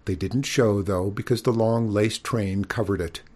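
A man reading a children's story aloud, expressive and giving each character a voice. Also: on the low side, unhurried.

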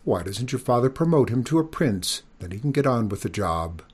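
A man voicing a gloomy, self-pitying young prince in a storybook, wry and mopey, with a husky voice. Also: medium pitch, big pitch swings, fairly quick, darkish tone. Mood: musing.

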